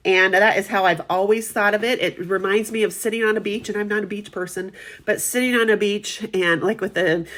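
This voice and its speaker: A woman's voice: medium pitch, fairly bright tone. A middle-aged woman giving a casual product demonstration, chatty and friendly, often checking in with her viewers.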